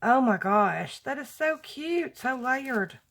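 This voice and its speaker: A woman, a crafting vlogger opening happy mail and gushing softly over each item. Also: sits high, animated. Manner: gushing, slow and soft-spoken. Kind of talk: casual unboxing chat.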